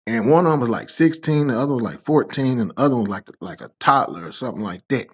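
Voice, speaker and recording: A man's voice: medium pitch, quick pace, breathy edge. A young man telling casual, slang-heavy stories with a lot of swearing. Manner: animated, swears freely, slangy. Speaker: storyteller. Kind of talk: casual anecdotal storytelling.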